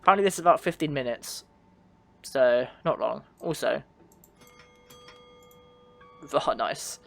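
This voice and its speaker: A man's voice: mid-range voice, expressive, measured pace, vocal fry, fairly bright tone. A man streaming a train simulator, chatting casually and answering his chat with frequent laughs. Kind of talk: casual livestream commentary.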